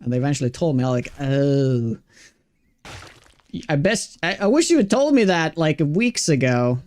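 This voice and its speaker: A man's voice: on the high side, sing-song, fairly quick, a little mellow. Chatty Swedish-accented young man streaming. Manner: chatty, self-deprecating, many restarts and fillers. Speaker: game streamer. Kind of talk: casual chat while gaming.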